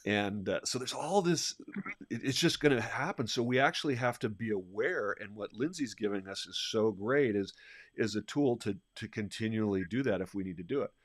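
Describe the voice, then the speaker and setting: A man who is a leadership coach, talking in an energetic, animated way and restarting his sentences often. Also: on the low side, moderate pace, dry recording, studio quality. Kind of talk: conversational podcast discussion.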